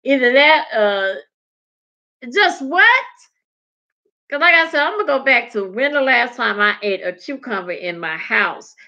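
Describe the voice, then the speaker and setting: A woman chats and tells stories, acting out the people she quotes with big swings in pitch. Her voice is bright with a gravelly edge, and the recording sounds dull and lo-fi. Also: lively intonation, moderate pace, hardly any pauses. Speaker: podcast co-host. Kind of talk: casual comedic chat. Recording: dull lo-fi podcast audio.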